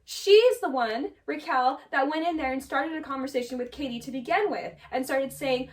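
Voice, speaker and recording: A woman's voice: high-pitched, animated, normal speed, few pauses, recorded from a distance. A woman giving a casual, gossipy recap of a reality show. She fills her talk with "like" and acts out quotes from the episode. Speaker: recap vlogger.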